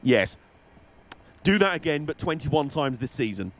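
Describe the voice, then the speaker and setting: A man's voice: a little high, sing-song, measured pace, fairly bright tone, heavily acted. A man voicing a stern team boss in a mock-serious, menacing tone, giving orders.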